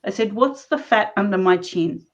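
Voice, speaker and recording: Interview guest, woman, mid-range voice, lively storyteller, muffled recording. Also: medium pitch, moderate pace. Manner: animated, laughs often mid-sentence. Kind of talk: personal storytelling in conversation. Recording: dull lo-fi recording.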